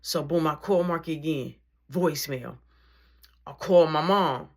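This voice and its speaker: A young woman telling a story in a casual, animated way, acting out each exchange of dialogue. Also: low voice, a little slow, breathy edge.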